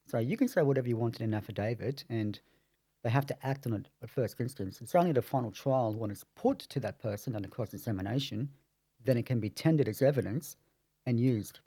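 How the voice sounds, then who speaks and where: A man working as a family lawyer, explaining court procedure in a measured, lawyerly way on a podcast. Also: medium pitch, mellow, breathy edge, no room sound.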